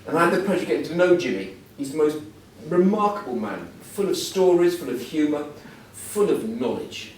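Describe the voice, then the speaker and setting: A man's voice: fairly high pitch, expressive, fairly quick, few pauses. Older guy in his 60s doing a funny self-deprecating speech, big echoey room, faint hum behind. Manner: self-deprecating, humorous storytelling. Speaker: guest speaker. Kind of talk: anecdotal after-dinner talk. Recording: echoey hall, mic at a distance.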